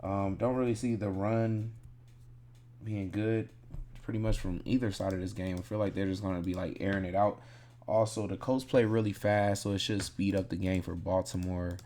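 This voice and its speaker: A man's voice: deep voice, steady tone, moderate pace, mellow, a little hiss or hum. A man casually breaking down fantasy football picks, thinking aloud in a laid-back, rambling way and correcting himself as he goes.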